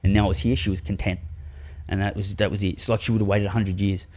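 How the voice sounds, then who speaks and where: A man's voice: on the low side, level tone. A man telling a personal story as a podcast guest, earnest and full of swearing. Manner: earnest, heavy swearing, drawn-out soft delivery. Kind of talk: casual storytelling interview.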